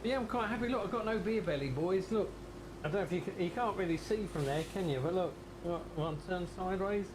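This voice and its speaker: A man's voice: high-pitched, quick pace, noisy background. A man with an English accent chatting casually to viewers while playing a farming game, his voice run through a filter. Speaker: game streamer. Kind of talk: casual gaming commentary.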